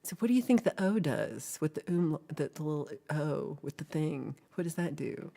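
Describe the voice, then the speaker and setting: A woman with a low, mellow voice hosts a casual livestream chat. She is playful and giggly and slips into whispers as she talks straight to her viewers. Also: big pitch swings, normal speed, husky. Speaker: livestream host.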